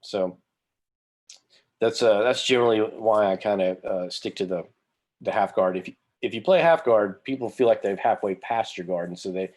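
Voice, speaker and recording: A man's voice: on the low side, moderate pace, darkish tone. A man talking as a guest on a podcast over a video call, rambling with fillers and poking fun at himself. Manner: rambling, self-deprecating, many fillers. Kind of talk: casual interview chat.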